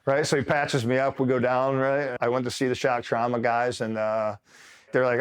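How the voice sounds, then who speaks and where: A man's voice: medium pitch, little pitch movement, moderate pace, clear, resonant tone. A middle-aged man from upstate New York, a retired Marine, casually telling war stories, swearing freely and acting out quotes with a laugh. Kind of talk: casual storytelling interview.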